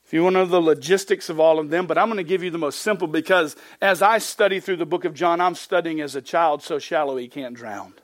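A man's voice: fairly high pitch, fast, hardly any pauses, dry recording. A man preaching a verse-by-verse sermon, reading scripture aloud with rising emphasis and dropping into plainspoken, folksy asides. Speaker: pastor. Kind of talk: expository sermon.

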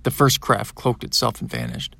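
A man narrating a science-fiction audiobook in the first person, in a plain, even storytelling manner. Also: mid-range voice, normal speed, gravelly, dry recording.

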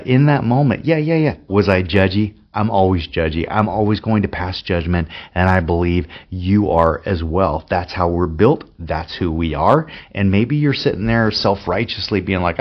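A man hosting an unscripted devotional talk as a pastor, telling stories candidly and laughing often. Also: low voice. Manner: candid, chatty storytelling with frequent laughs. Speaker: podcast host, pastor. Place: Spokane area. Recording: dull lo-fi recording with faint music.

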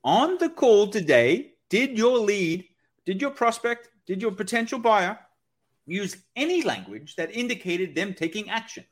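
A man's voice: high-pitched, big pitch swings, a little slow. A man talking as a guest expert on a podcast, explaining with lots of energy and often asking "right?". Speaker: guest expert on sales calls. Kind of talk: podcast conversation.

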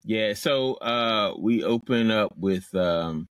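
A man's voice: fairly low pitch, a bit bright, dry recording, clean studio sound. A man hosting a podcast, steering a casual film discussion with questions and many restarts. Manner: asks questions, steers the talk, halting with restarts. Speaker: podcast host. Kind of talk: casual movie review chat.

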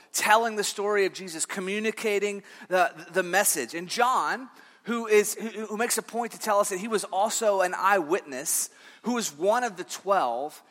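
A man's voice: sits high, sharp tone, big-room sound. A man giving a sermon as pastor, telling stories in a loose, conversational way with many fillers and restarts. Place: church sanctuary.

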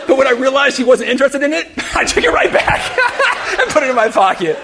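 A middle-aged man, a pastor, preaching a sermon in a church and telling a story with big swings from shouting to hushed tones. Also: extremely high pitch, wildly swooping pitch, brisk, a crowd in the background, noisy background. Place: church sanctuary.

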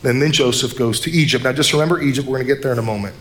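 A young man preaching a sermon, animated, acting out the characters' lines as he retells the story. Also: mid-range voice, racing. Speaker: pastor.

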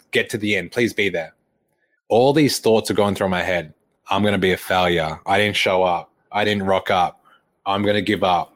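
Lively young man telling a story. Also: fairly low pitch. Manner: animated retelling, acts out quoted dialogue, laughs often. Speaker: fitness coach. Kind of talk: casual storytelling.

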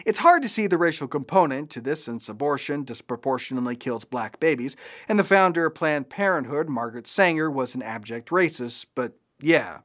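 A male podcast host delivers political commentary with a mocking, sarcastic edge. His voice sits a little higher than most men's. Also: animated, a little fast, a bit bright.

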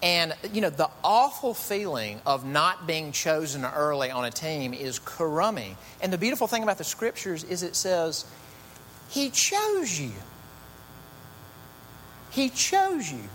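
A man's voice: fairly high pitch, normal speed, few pauses, fairly bright tone. A man preaching a sermon in a conversational, storytelling way with chatty asides. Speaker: pastor. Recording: long reverb, faint hum.

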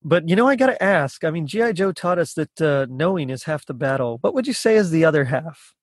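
A man's voice: fairly high pitch, lively intonation, brisk, dry recording, clean studio sound. A man hosting a casual podcast interview, chatty and laughing often, with many restarts. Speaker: podcast host.

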